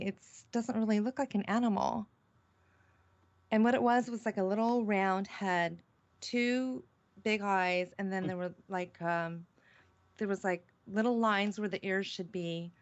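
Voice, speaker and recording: A woman's voice: medium pitch, unhurried. Woman telling a story over dull audio. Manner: earnest, breathless storytelling with many restarts. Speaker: guest. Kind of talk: telling a personal story on a radio show.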